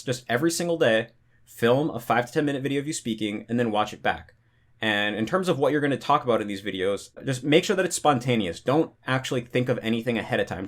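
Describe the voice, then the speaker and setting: A young man giving casual talking-head advice on language learning, relaxed and rambling, full of "you know" and "like". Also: medium pitch.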